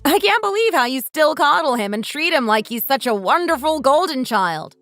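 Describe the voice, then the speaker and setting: A woman voicing a fed-up, sharp-tongued daughter-in-law who fires back with sarcastic, cutting remarks, in a dramatized text-story reading. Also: high voice, big pitch swings, moderate pace, no room sound, soft background music, exaggerated voice. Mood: mocking.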